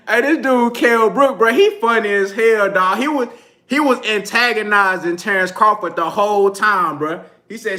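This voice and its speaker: A man's voice: high voice, normal speed, sharp tone. Slangy man hosting a boxing live stream. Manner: laid-back slangy, laughs often, reads super chats. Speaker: boxing channel host. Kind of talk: casual live-stream commentary.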